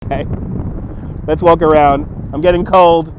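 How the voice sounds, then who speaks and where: This livestream vlogger strolls city streets at night, chatting casually to a gimbal-held phone, often laughing and going over the same points. His voice is a little high and darkish, with fairly even intonation and a slightly slow pace. Slight background noise comes through on a low-quality recording.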